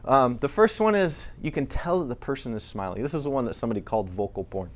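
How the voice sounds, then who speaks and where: A man's voice: mid-range voice, lively intonation, fast talker. Male presenter, mid-range voice, casual conversational lecture delivery. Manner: chatty, conversational, with frequent restarts.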